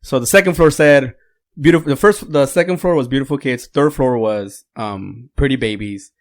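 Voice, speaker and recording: A man's voice: medium pitch, moderate pace. A man whose first language is Spanish, a podcast guest telling a long joke in casual chat and laughing mid-sentence.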